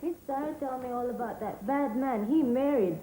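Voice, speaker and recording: A woman's voice: high voice, normal speed, background noise, close to an everyday voice. A woman playing a sweet, naive young foreign woman who speaks in broken English in a sitcom. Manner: broken English, simple, innocent. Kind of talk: sitcom acting.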